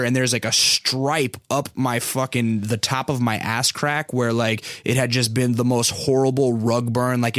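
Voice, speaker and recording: A man's voice: mid-range voice, fairly bright tone, no room sound. A man in his thirties hosting a podcast, telling a rambling, profane story in a casual chat style, with lots of fillers, on a close mic. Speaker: podcast host.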